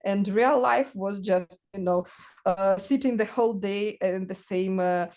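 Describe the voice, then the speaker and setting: Woman telling stories haltingly. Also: medium pitch, darkish tone. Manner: halting, searching for words, many fillers. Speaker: guest artist. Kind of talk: casual conversational storytelling.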